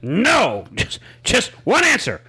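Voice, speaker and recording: A man voicing a loud, theatrical pirate-like host who shouts and sings. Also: high-pitched, wildly swooping pitch, slow, creaky, breathy edge, exaggerated voice. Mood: indignant. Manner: shouting, sing-song, theatrical.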